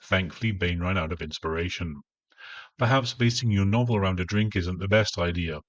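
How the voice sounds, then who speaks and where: A man's voice: low voice, fairly quick, no room sound, dull audio. Sarcastic man reviewing a book. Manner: dry, sarcastic, scornful. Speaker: audiobook reviewer. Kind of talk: spoken review.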